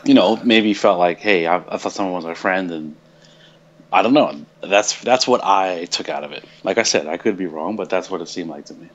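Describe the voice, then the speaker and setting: Deep voiced guy, hedges a lot, kinda muffled lo-fi mic. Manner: hesitant, measured, lots of hedging. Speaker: co-host. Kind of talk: casual stream talk.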